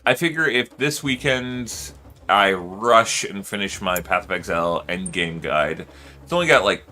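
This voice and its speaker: A man's voice: sits low, sharp tone. A man streaming and chatting casually, rambling with lots of fillers and loose swearing. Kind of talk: casual livestream chat.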